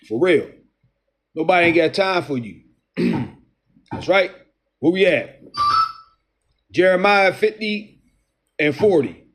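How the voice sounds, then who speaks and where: A man with a slightly raised voice preaches in a combative, profane way. He reads verses slowly, restarts lines, and jabs at his listeners between passages. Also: sits high. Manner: profane, taunting, addresses listeners as devil. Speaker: street preacher. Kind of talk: confrontational scripture-reading sermon.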